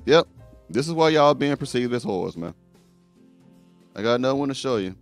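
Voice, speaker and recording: Male host doing reaction commentary, blunt and preachy, mid-pitched voice. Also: expressive, moderate pace, soft background music.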